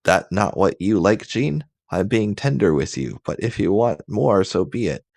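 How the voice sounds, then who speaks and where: A man's voice: on the low side, lively intonation, normal speed, vocal fry, a little mellow, dry recording, studio quality, voice pushed up. A man doing a snarling, jealous madman. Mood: menacing. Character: raging, jealous, unhinged man.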